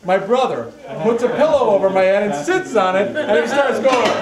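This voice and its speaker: A man's voice: high-pitched, moderate pace. A man on stage at a variety show, telling a funny story from his own childhood. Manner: animated, tells stories about his childhood. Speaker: comedian in a family variety act. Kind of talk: stage banter and anecdote. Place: large hall, live show. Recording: echoey hall with loud crowd. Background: crowd.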